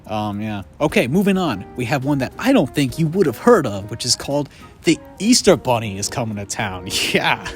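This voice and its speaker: A man rambles through a jokey movie recap while sitting outside. He goes off on tangents, and his pitch leaps upward whenever he gets worked up. Faint music sits behind him. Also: normal speed. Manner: rambling, jokey, animated with voice jumps. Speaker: video essay host. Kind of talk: casual comedic movie retrospective. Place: outdoors in a yard under a tree.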